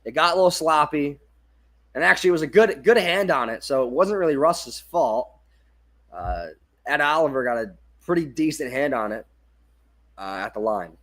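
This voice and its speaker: A man's voice: fairly high pitch, animated, normal speed, fairly bright tone. Tired young man calling a football game. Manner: casual, self-correcting, apologetic about mistakes. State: yawning, tired. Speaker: fan play-by-play streamer. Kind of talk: amateur livestream play-by-play commentary.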